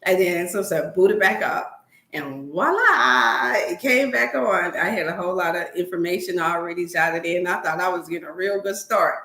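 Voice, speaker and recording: A woman's voice: fairly low pitch, steady tone, fairly quick, fairly bright tone, roomy sound. A middle-aged woman hosting a wellness livestream from her home, chatting in a rambling, folksy way and leading a prayer. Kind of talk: casual livestream chat with prayer. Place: room at home.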